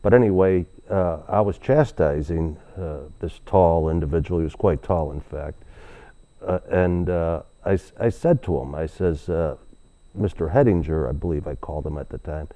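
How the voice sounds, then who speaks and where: A man's voice: sits low, moderate pace, dark tone. An older man, a guest telling long stories in an interview, rambling with many restarts and fillers. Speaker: guest, author. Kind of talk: storytelling interview.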